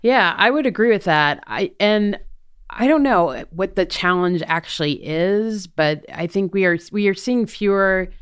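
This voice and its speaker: A woman's voice: medium pitch, expressive, a little slow, smooth. A middle-aged woman, a prosecutor running for office, answering interview questions earnestly with frequent fillers and restarts. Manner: earnest, thinks aloud with many fillers. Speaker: prosecutor and DA candidate.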